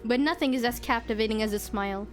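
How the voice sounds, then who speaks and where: High-voiced woman streamer reading game text. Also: fast talker. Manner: expressive narration broken by giggly asides. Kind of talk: reading a visual novel aloud while playing. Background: game music.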